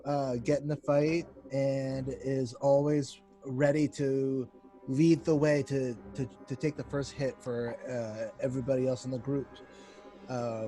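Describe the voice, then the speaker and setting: A man playing a tabletop game over a video call, slowly describing his character with many uhs. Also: mid-range voice, mellow. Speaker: player.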